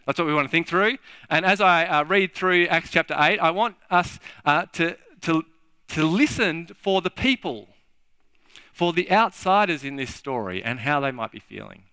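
A man preaching a sermon in a halting, repetitive way, acting out little scenes as he talks. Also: fairly high pitch, animated, bright, forceful tone, clean tone, no echo. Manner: halting, repeats words, acts out little scenes. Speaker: pastor. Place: church.

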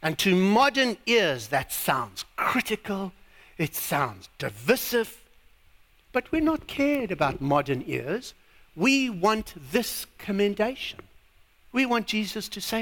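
A South African man delivers a sermon from the pulpit, hammering his points home. His voice sits high and swings widely in pitch, and he takes his time with each line. The sound carries the long reverb of a large church hall. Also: sing-song, fairly bright tone. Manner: emphatic preaching with drawn-out words. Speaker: pastor.

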